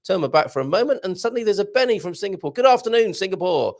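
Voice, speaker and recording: A man hosts a casual live morning show, reading viewer comments aloud and chatting in a jokey way. His voice is high-pitched, expressive and rapid-fire.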